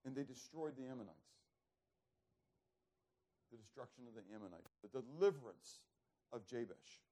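A man preaching a sermon, throwing rhetorical questions to the congregation and swinging from loud emphasis to hushed, low passages. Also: expressive, moderate pace. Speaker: pastor.

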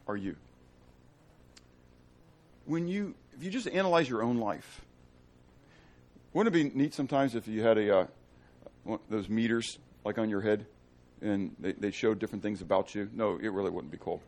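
A man's voice: lowish voice, moderate pace, pauses often, darkish tone. A man teaching a conversational Bible study, with joking asides and questions to his class.

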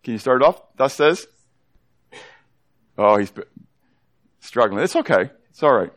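A man teaching a Bible study sermon to a congregation, animated, constantly asking the room questions and coaxing children to join in. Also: medium pitch, a little slow.

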